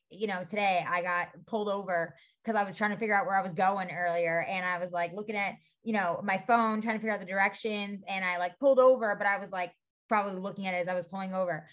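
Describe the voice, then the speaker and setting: A woman's voice: medium pitch, a bit bright. A woman guest on a podcast, a stylist and breathwork coach, talking casually and peppering her speech with "like". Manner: chatty, filler-heavy, says "like" often. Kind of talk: casual conversation.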